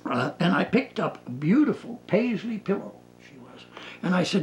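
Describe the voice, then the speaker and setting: A man's voice: high-pitched, normal speed, slight background noise. An older man telling stories in a documentary interview, acting out dialogue and laughing often. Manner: animated storyteller who acts out dialogue and laughs. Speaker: interviewee, counselor.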